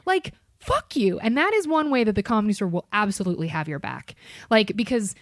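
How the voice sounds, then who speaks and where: Here is a woman telling a story on her own podcast. Her pitch rises and falls widely as she acts out each person's lines, and she swears as she goes. The sound is close and dry. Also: fast, dry recording. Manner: animated, profane, acts out every character in the story. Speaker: podcast host. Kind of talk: casual storytelling chat.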